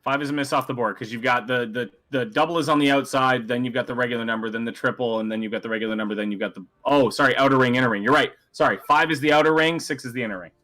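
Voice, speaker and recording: A man's voice: medium pitch, racing, hardly any pauses, bright, forceful tone. A man running a casual tabletop game as game master, explaining rules in rambling, self-correcting bursts.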